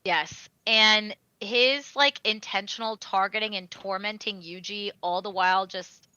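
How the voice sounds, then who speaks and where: A young woman co-hosting a podcast, retelling a story in an animated way with lots of fillers. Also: medium pitch, unhurried, smooth, dry recording, muffled recording. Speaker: podcast co-host. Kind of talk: casual chat.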